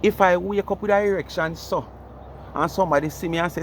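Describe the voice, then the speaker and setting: A man's voice: high voice, fast talker, slight background noise. A man with a Jamaican accent giving a mocking, comedic ranting commentary, repeating the listener's name over and over. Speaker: vlogger.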